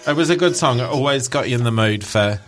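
A New man banters on a radio show, teasing his co-host and chatting easily. His voice sits at an ordinary middle pitch. A little music can be heard in the background. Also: lively intonation, quick pace, fairly bright tone. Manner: teasing, playful, sings snatches of songs.

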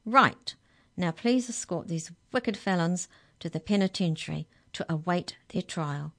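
A woman voicing a grave, commanding female official in a children's storybook, giving crisp, clipped orders. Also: fairly low pitch, animated, unhurried, fairly bright tone, heavily acted. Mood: stern. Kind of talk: storybook reading.

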